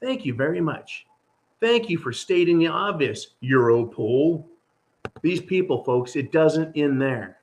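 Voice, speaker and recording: A man's voice: on the high side, expressive, unhurried. A man hosting his own channel, talking through a casual, rambling monologue in an exasperated, sarcastic way. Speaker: channel host.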